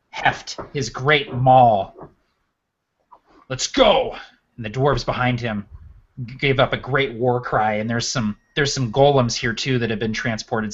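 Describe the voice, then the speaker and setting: A man runs a tabletop game, setting each scene with measured, vivid narration. His voice is mid-pitched. The stream audio is slightly dull. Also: a bit bright. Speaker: game master.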